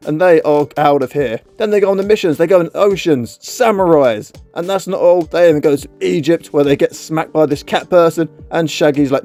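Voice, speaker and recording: A man's voice: fairly high pitch, a little fast, few pauses, warm tone, faint music behind. A man narrating a comedic film recap in a crude, mocking, playful way.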